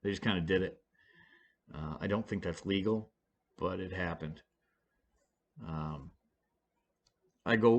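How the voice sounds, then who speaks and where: A man's voice: lowish voice, sharp tone. A man casually telling a story, rambling and swearing freely with lots of fillers. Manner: rambling and profane, with many fillers. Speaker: storyteller vlogger.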